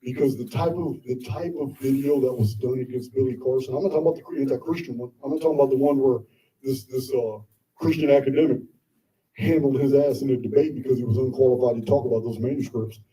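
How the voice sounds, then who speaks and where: A man's voice: medium pitch, fairly even intonation, fast talker, mellow, far from the mic, low-quality recording. A man presenting live to an audience, talking bluntly and combatively with frequent swearing. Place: indoor meetup venue with audience.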